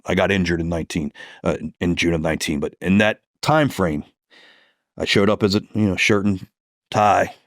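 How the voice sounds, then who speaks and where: A man's voice: deep voice, fairly even intonation, moderate pace, dry recording, clean studio sound. A man, a police detective, telling stories from the job in a podcast interview, swearing freely and acting out heated phone calls.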